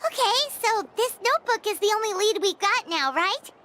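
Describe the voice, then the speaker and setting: An actress voicing a small, excitable floating fairy companion in a game, who talks about herself in the third person. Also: female voice, very high-pitched, normal speed, full character voice. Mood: curious. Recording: loud game music behind.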